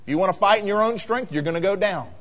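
High-voiced preaching man in a big hall. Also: quick pace. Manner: emphatic preaching, rising to loud peaks. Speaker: pastor. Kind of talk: sermon. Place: church sanctuary. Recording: long reverb of a large hall.

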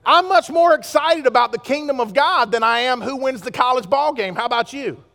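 A pastor preaching a sermon to his congregation, with pleas that swing from loud urgency to hushed earnestness. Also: extremely high pitch, brisk, long reverb tail. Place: church sanctuary.

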